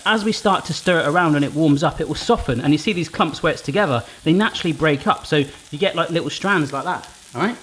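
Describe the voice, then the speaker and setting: A man's voice: on the high side, fast talker, hardly any pauses, fairly bright tone, slight background noise. A man hosting a casual cooking demonstration in a home kitchen, chatty and jokey, with rambling asides. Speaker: cooking channel host.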